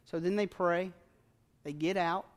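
High-pitched guy preaching in a church, telling a story all folksy and lively, echo hangs in the room, soft music behind. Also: unhurried. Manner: animated storytelling with plain Southern phrasing. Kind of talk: sermon. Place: church sanctuary. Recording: long church reverb with faint music.

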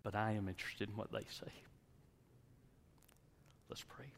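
A male pastor preaching a sermon and leading a closing prayer, emphatic, swinging from loud exhortation to hushed tones. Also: fairly low pitch, steady tone, a little slow, creaky, a little hiss or hum. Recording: long hall reverb.

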